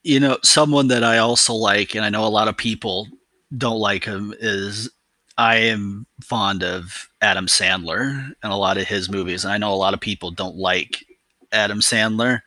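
A man with a low voice and a bright, forceful edge, chatting casually and reflectively. The recording is dry and close. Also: fairly even intonation, moderate pace, no room sound. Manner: reflective, lists favorites with many "you know"s. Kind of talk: casual chat.

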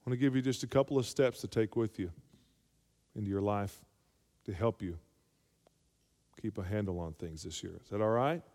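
A man's voice: on the low side, normal speed, pauses often, dark tone. A male pastor preaching a sermon, calling for amens and rising to emphatic peaks. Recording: long hall reverb.

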